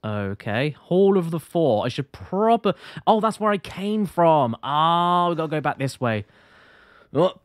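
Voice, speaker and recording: Male streamer, a touch high-pitched, loose rambling live commentary at a desk mic. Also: very animated, measured pace, no echo, clean studio sound. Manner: chatty, rambling, apologetic, reads chat aloud. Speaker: game streamer.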